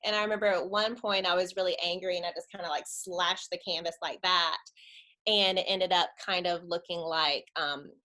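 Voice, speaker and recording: A woman in her thirties tells a personal faith story to a church audience. Her voice is bright and clear, and she is relaxed and conversational. She laughs easily between her thoughts. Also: on the low side, moderate pace. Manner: chatty storyteller, laughs often. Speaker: church webinar speaker. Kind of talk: personal testimony talk.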